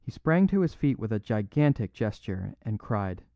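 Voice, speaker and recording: A man reads a classic story aloud with a lively, expressive pitch. The sound is dry and close, slightly dull in the highs. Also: moderate pace, no room sound. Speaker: audiobook narrator. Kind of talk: scripted narration of a classic story.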